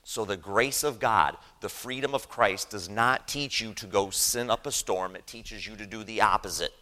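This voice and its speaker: An earnest man preaches in a church with a bright, forceful delivery. His voice sits on the low side, and he keeps checking in with the congregation as he drives his points home. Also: normal speed. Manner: earnest, emphatic, asks the congregation "right?". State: choked up with emotion. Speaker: lay preacher. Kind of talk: sermon.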